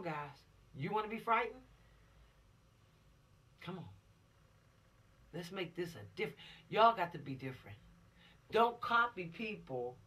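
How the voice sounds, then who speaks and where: A man with a fairly high, bright, sharp-edged voice is giving a casual spoken lesson to teenagers. He talks straight at them, preachy and earnest, with rhetorical questions like a teacher. He sounds set back from the microphone. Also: far from the mic. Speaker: teacher of a law video series for teens.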